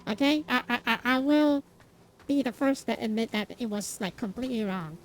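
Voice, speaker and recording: A woman's voice: fairly high pitch, normal speed, slight background noise. A young woman streamer chatting casually while gaming, rambling and self-deprecating with lots of restarts and fillers, and laughing often.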